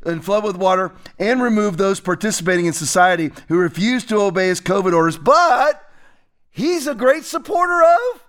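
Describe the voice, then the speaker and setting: Sarcastic high-voiced male commentator. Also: lively intonation, moderate pace, fairly bright tone. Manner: sarcastic, mocking. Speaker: commentary show host. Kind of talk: political commentary.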